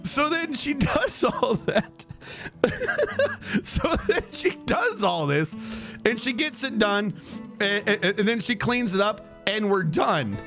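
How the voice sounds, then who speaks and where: A male streamer telling a story in a casual, animated way, laughing often. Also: slow pace, over music. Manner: animated, laughs often, jumps up high in pitch.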